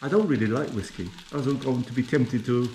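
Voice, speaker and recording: A man's voice: medium pitch, fairly quick, echoey room, over loud music. A man from England chatting casually to his viewers while he cooks on the hob at home, with food sizzling in the pan. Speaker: cooking vlogger. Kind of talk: casual cooking vlog. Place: home kitchen. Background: frying and sizzling from the hob.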